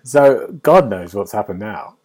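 A man with a low, husky voice chats casually on a games podcast. He muses out loud in a wry tone and lets his thoughts trail off. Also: lively intonation, a little slow. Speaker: podcast host and game reviewer.

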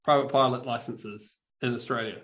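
A New Zealand man in casual podcast chat, his voice sitting at an ordinary middle pitch. He tells stories in a loose, rambling way, stacking fillers and restarting sentences as he goes. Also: steady tone, moderate pace, a bit bright. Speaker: podcast co-host.

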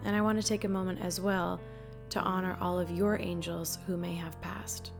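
A woman's voice: on the low side, little pitch movement, normal speed, creaky, over music. Bubbly woman podcast host. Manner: bubbly, enthusiastic, warm toward listeners. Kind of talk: upbeat podcast intro and interview.

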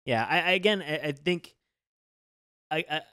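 An animated podcast co-host in casual chat whose pitch swings widely as they talk. They swear freely and go big in the telling. The sound is dry and close, with no room around it. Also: normal speed, no room sound.

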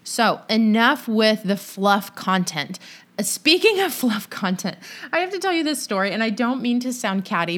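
A young adult woman, a business coach, giving casual solo podcast advice in a chatty, animated storytelling way full of "like". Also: mid-range voice.

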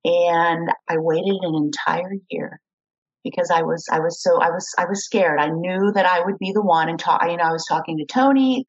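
Middle-aged woman, husky and a bit low-voiced, animated storyteller on a dull lo-fi recording. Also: normal speed. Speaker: guest, kidney donor. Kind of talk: storytelling interview.

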